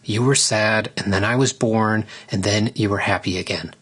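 A weary, sulky young lion from a storybook, voiced by a man in a low, husky tone that stays close to the reader's own. He mumbles and holds back, sounding drained. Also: normal speed, a bit bright. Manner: mumbling and withdrawn. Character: big young lion son, tired and sulky.

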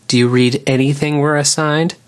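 A man voicing a playful young lioness girl in an audiobook, lifting his voice into a bright teasing lilt. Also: a little high, fairly even intonation, moderate pace, pitched above the performer's own voice, lightly acted. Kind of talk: audiobook character voice.

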